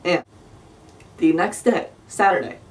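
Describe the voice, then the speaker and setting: A woman's voice: lowish voice, lively intonation, unhurried. A young woman from South Jersey telling a storytime in an exasperated, profane, sarcastic rant. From South Jersey, USA. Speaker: vlogger. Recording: voice a bit far from the mic.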